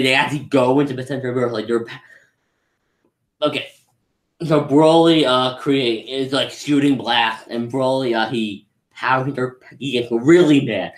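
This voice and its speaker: A man giving a casual, rambling live anime review, excitable and full of restarts. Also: mid-range voice. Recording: echoey room.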